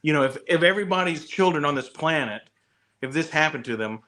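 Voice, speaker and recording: A man's voice: on the high side, animated, fairly quick, fairly bright tone. A man co-hosting a casual chat, thoughtful and hedging with "you know". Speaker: podcast co-host. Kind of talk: casual after-show chat.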